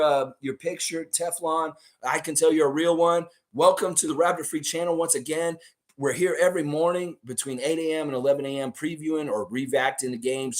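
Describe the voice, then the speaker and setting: Hoarse young guy streaming live, rambly and animated, bit high-pitched. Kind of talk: casual live-stream chat.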